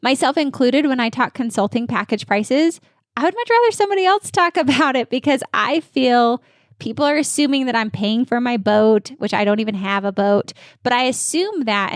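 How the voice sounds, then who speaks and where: A woman dental practice consultant giving energetic, confident coaching answers in an interview. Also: on the high side, brisk, no echo, clean studio sound.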